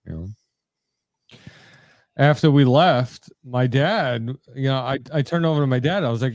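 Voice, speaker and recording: A man's voice: medium pitch, a little slow, long pauses, dry recording. A man in his thirties co-hosting a live show, chatting loosely with many fillers. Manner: lively, chatty storyteller with filler words. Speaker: podcast co-host. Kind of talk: casual chat.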